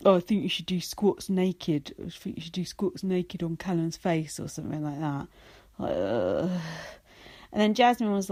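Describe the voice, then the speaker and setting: A woman's voice: lowish voice, darkish tone. A young adult woman hosting her own podcast, talking alone in a sarcastic, foul-mouthed way with frequent laughs. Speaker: podcast host. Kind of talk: casual solo commentary.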